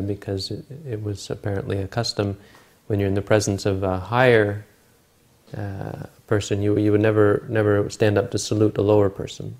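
Low-pitched guy giving a dharma talk, stops to hunt for words and names. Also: level tone, moderate pace, vocal fry, darkish tone. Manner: informal, searches for words and names aloud. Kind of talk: retelling a scripture story in a dharma talk.

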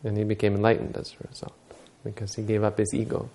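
A man's voice: on the low side, completely flat delivery, fast talker, warm tone. A man giving a Buddhist dharma talk, telling stories and explaining teachings unhurriedly, using Pali terms.

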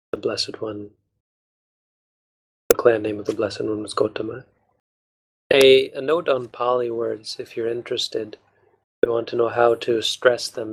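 A male monk guides a study group through a text, speaking in a patient, measured way. His voice has a gravelly fry and stays flat in pitch. He pauses and restarts as he works through each point. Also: poor audio. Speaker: Buddhist monk teacher.

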